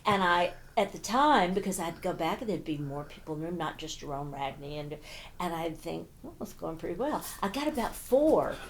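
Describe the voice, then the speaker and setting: An older woman from Texas, a stage and screen actress, chatting as an interview guest and telling animated stories. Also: lowish voice, moderate pace, a little hiss or hum. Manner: animated storyteller who acts out quoted voices. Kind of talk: casual interview chat.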